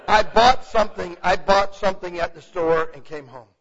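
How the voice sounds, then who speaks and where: A man's voice: sits high, normal speed. A man teaching the Bible in a loose, conversational way, often checking in with "okay?". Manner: animated, asks for agreement with repeated "okay?". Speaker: preacher. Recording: muffled, lo-fi recording.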